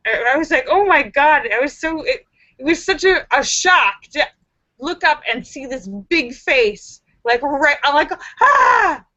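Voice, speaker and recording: A woman's voice: high-pitched, a little slow, bright, forceful tone, no room sound, muffled recording. A woman hosting a casual live stream from home, greeting viewers by name and telling a story with squeals and exclamations. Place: home in the city.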